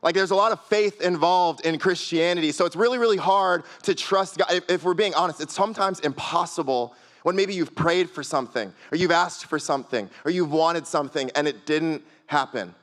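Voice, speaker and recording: Man, young adult, youth pastor, sermon, conversational, repetitive phrasing, slightly high voice. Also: brisk, a bit bright. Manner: conversational preaching full of "like" and repeated phrases.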